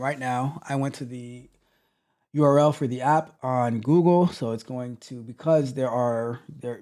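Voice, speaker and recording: A man with a warm, mid-range voice coaches on tech through a live coding walkthrough. He thinks aloud, restarting haltingly and trailing off.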